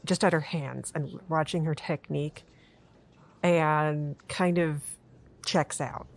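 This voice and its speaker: A woman's voice: low-pitched, steady tone, slow. A woman player describing her character's actions in a tabletop game. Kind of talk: tabletop role-play, in-character narration.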